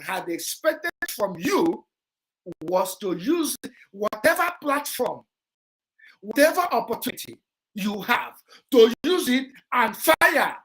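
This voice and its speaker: A woman with a Nigerian accent hosting a vlog, giving forceful, repetitive, lecturing commentary aimed straight at a rival. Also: fairly high pitch. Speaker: vlog host. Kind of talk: impassioned livestream commentary.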